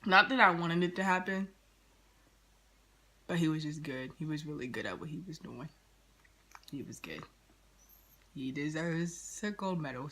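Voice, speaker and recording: A woman vlogger telling a story in an animated, slangy, dramatic way. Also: deep voice. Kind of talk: storytime vlog.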